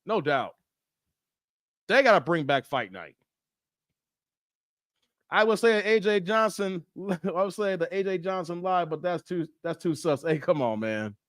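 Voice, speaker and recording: A man's voice: high-pitched, expressive, a little slow, pauses often, a bit bright, dry recording, studio quality. A man hosting a casual live stream, joking loosely with his chat and laughing often. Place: Las Vegas.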